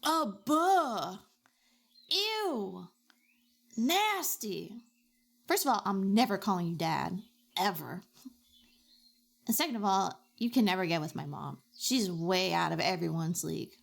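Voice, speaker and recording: A woman streamer chatting casually with her chat while drawing, with dramatic, expressive reactions. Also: on the low side, moderate pace, creaky.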